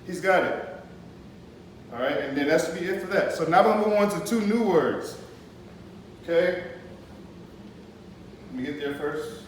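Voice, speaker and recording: High-voiced male teacher in an echoey classroom. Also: a little slow, long pauses. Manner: explains patiently, checks in with "okay?". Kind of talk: classroom poetry lesson. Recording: echoey classroom, mic far off, faint noise.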